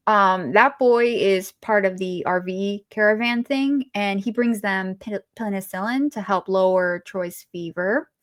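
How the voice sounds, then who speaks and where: A woman's voice: mid-range voice, a little slow, few pauses. Woman co-host, loose rambling movie chat, mid-range voice. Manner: chatty, rambling with fillers and restarts. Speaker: podcast co-host.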